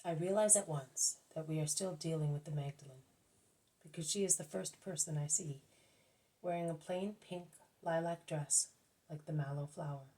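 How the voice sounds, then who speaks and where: A woman reading a devotional book aloud at a careful, measured pace, now and then correcting herself. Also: low voice, mellow, low-quality recording. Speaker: audiobook reader.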